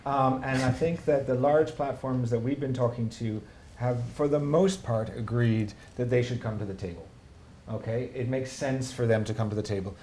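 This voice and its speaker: A man with a Canadian accent speaking at a conference event, wry and lively, with rhetorical questions. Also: mid-range voice, normal speed, a little hiss or hum. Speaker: panel speaker. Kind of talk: public talk, answering questions. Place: conference hall.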